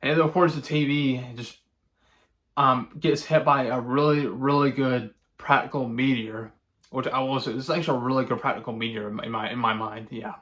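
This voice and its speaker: A man giving a casual spoken movie review, rambling and halting with many fillers and restarts, chuckling now and then as he recounts scenes. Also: medium pitch, steady tone, fairly bright tone. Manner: chuckles often while recounting.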